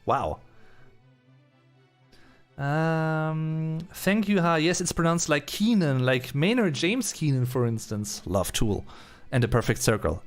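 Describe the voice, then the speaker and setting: A man's voice: a little high, gravelly. A man from Germany with a German accent, hosting a live-stream Q&A, reading out chat comments and answering them in a casual, chatty way. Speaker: host.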